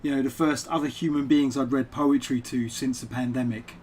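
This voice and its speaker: A man's voice: mid-range voice, steady tone, a little fast, darkish tone, slight background noise. A man talking casually and digressively while streaming a game from home, chatting to viewers as a poet. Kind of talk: casual live-stream chat over gameplay.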